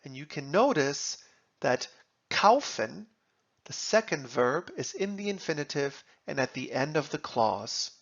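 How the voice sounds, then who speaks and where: A man teaching German grammar, reading example sentences and translating them in a slow, deliberate lesson. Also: a little high, sing-song, fairly bright tone, lo-fi sound.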